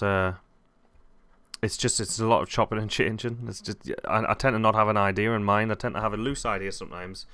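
A man hosting a casual software tutorial, rambling and correcting himself as he thinks aloud. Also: fairly low pitch, smooth, no echo. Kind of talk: casual screen-recorded tutorial.

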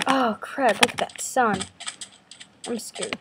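A woman's voice: on the high side, slow pace, long pauses, background noise. Jumpy young woman coughing through gameplay. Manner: self-deprecating, jumpy, breaks into squeals. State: slight cough from a cold. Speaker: gaming video host. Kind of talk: casual gameplay commentary. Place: bedroom at home.

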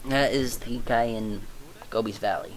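A man's voice: medium pitch, a little slow. A man giving let's play gaming commentary, frustrated and prone to swearing outbursts. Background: faint game music.

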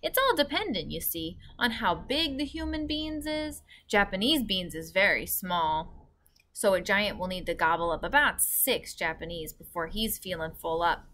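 A big, friendly old giant, as a woman reading aloud puts him on, who tumbles his words and grammar in a cheerful muddle. His voice sits bright and a touch louder than her own narration, earnest rather than frightening, in a storybook read-aloud. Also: mid-range voice, expressive, normal speed. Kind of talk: children's book read-aloud.

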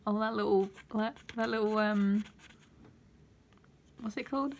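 A woman vlogger opening her mail in a casual unboxing video, excitable and gushing, often gasping and squealing. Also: medium pitch, a little slow.

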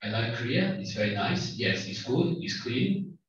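A man voicing an angry young male German student in a put-on German accent, with loud, clipped complaints, recorded from a distant mic in an echoey lecture hall. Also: medium pitch, big pitch swings, normal speed, dull audio, close to an everyday voice. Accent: German, put on badly.

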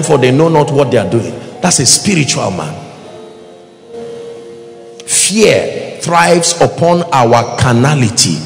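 A man preaching a sermon to a congregation, animated, with call-and-response questions and acted-out quotes. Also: on the high side, vocal fry. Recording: echoey hall with faint music.

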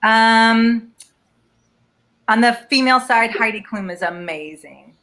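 A woman casting director speaks over a video call with a bright, forceful tone. She gives emphatic, upbeat advice to aspiring actors. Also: fairly high pitch, slow pace. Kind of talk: video call interview answers.

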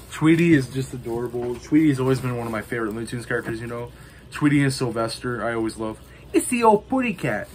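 A man's voice: mid-range voice, a little hiss or hum. A man casually showing off his collection to the camera, rambling with lots of ums and you-knows. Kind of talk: casual show-and-tell.

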